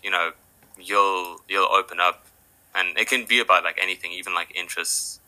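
A man's voice: low-pitched, fairly even intonation, normal speed, sharp tone, low-quality recording. A man who is a podcast guest, telling stories in a casual, rambling way with lots of fillers. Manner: rambling, filler-heavy, acts out quoted people. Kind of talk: casual storytelling chat.

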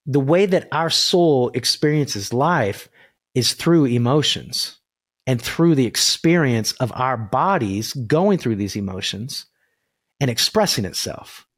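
A man's voice: medium pitch, takes it slowly, slightly rough, no echo, clean studio sound. A man who works as a voice coach, talking earnestly about spirit and energy in a podcast conversation over a video call. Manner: earnest, spiritual, animated storytelling.

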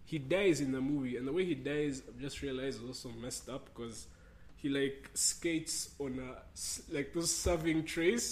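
A man co-hosting a casual chat, telling a rambling, animated story with lots of fillers. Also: medium pitch, unhurried. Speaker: podcast co-host.

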